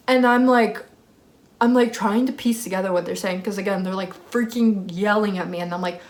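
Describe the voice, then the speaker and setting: A woman's voice: medium pitch, fairly quick. Young woman vlogger telling a storytime, super casual, lots of like, swears a bit. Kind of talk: story time vlog.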